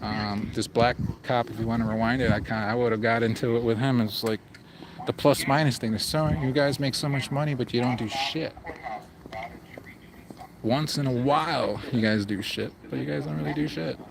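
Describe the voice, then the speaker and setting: A man's voice: medium pitch, steady tone, normal speed, creaky, crowd noise, rough recording. A man doing a casual livestream outdoors, talking in a blunt, profane, rambling way. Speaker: livestream vlogger. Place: outdoors in a public area.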